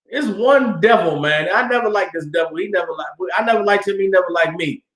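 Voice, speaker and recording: A high-pitched man in his thirties tells stories to a class in a loose, colloquial way. He is animated and acts out the voices of the people in his stories. His voice carries a roomy echo. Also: fairly quick. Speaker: class speaker. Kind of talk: casual storytelling in a class.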